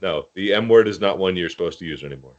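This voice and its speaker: Lowish guy on a podcast, blunt and jokey, voice swings around a lot. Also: animated, quick pace, lo-fi sound. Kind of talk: casual group chat.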